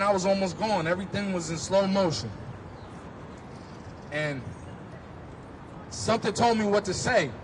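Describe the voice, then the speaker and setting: High-voiced man giving fierce testimony. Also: background noise. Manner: intense storytelling, rising to shouts. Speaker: speaker at a street rally. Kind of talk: impassioned personal testimony. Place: outdoors on a city street.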